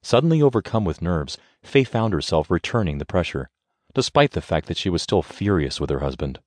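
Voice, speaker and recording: A man with a deep voice narrates an audiobook in an expressive, measured way. His pitch rises and falls widely. The sound is dry and close, like a studio mic. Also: dry recording.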